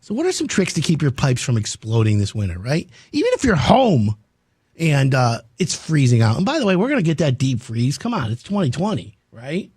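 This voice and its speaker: A man's voice: medium pitch, a little mellow, husky, no echo. A male radio host talking casually on air, telling jokey stories and taking listener questions from a studio. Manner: chatty, storytelling, jokey. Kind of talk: casual talk radio chat.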